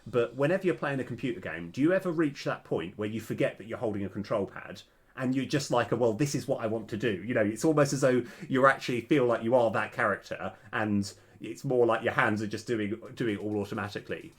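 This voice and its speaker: A man's voice: medium pitch, fairly quick, husky. A young man streaming game development, chatting casually and hesitantly with many fillers and restarts, his voice slightly worn. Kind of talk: casual live coding chat.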